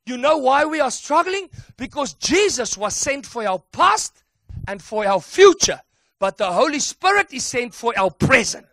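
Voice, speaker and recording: A man preaching a sermon with emphatic call-and-response delivery that builds to excited shouts. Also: extremely high pitch, moderate pace, no echo, studio quality.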